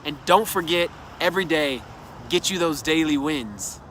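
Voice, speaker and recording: A man's voice: a little high, expressive, moderate pace, fairly bright tone, slight background noise. A man giving an earnest, encouraging motivational talk that speaks straight to the listener, recorded outdoors. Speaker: self-development speaker. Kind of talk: motivational monologue.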